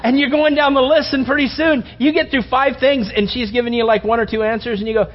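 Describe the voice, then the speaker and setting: A middle-aged man preaching a humorous sermon, acting out little scenes in quieter voices. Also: extremely high pitch, fairly even intonation, fast talker, few pauses. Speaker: pastor. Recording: dull sound with long reverb in a hall.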